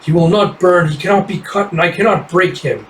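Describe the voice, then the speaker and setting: A man's voice: high voice, brisk, a bit bright, distant mic, slight background noise, voice pushed up, poor audio. A man voicing a fierce warrior nun who sounds strained and urgent in battle. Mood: desperate.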